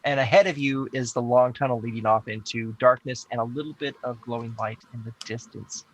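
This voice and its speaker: A man narrating as game master in a halting way, with many pauses and fillers. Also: mid-range voice, fairly even intonation, a little hiss or hum, rough recording.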